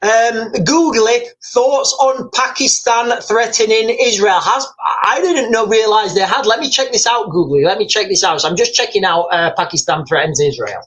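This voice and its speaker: A man's voice: sits high, moderate pace, hardly any pauses, fairly bright tone, slight background noise, rough recording. A man hosting a live news commentary stream. He rambles, repeats himself, speculates aloud and reads viewer comments and headlines off the screen.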